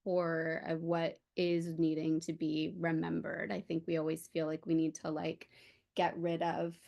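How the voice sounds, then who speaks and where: A woman's voice: low voice, monotone, a little slow, vocal fry, mellow, dull audio. A mother in a prayer circle on a video call from her daughter's room, sharing heartfelt and emotional, chatty and open.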